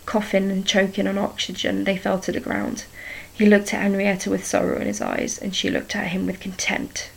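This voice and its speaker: Woman narrator, story chapter read aloud; flat delivery, gravelly tone. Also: medium pitch, moderate pace, low-quality recording. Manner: even, steady reading with small restarts.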